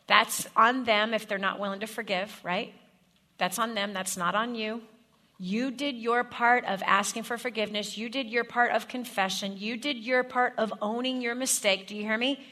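A woman delivering a sermon with a bright, forceful tone. She talks straight to her listeners, walking them through step-by-step scripts and checking in with repeated questions. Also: fairly high pitch, fairly even intonation, moderate pace. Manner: direct, coaching the audience with scripts and repeated questions.

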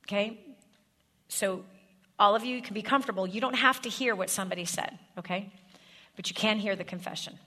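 Bright-voiced woman preaching to a congregation. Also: medium pitch, brisk, pauses often. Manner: direct, coaching the audience with scripts and repeated questions. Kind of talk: sermon.

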